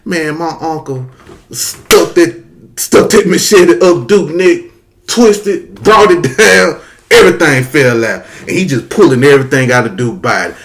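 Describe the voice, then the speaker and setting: A man's voice: fairly high pitch, normal speed, slight background noise. A man telling a story casually and with lots of profanity, talking straight to his audience. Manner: animated, profane, addresses the audience as y'all.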